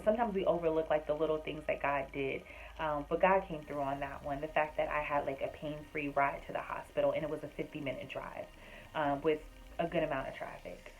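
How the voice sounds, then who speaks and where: A woman's voice: deep voice, darkish tone, poor audio. A woman vlogger telling a personal story in a casual, earnest, chatty way, with many fillers. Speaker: vlogger and homemaker.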